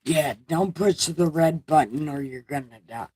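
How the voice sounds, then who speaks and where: A woman retelling scripture as irreverent comedy, deadpan, slangy and crude. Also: low voice, measured pace, breathy edge, no room sound. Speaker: comic bible reader. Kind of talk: irreverent comic storytelling.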